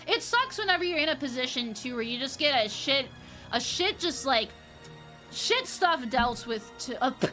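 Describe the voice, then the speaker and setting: A woman's voice: high-pitched, pushed and bright. A young adult woman streamer chatting casually with viewers, reading their messages and swearing freely. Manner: chatty, swears casually, reads chat aloud.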